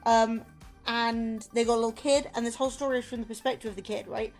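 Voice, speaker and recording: A woman's voice: fairly high pitch, steady tone, fast, darkish tone, faint music behind. A woman streamer chatting casually and retelling a story in a rambling, playful way, full of "like" fillers.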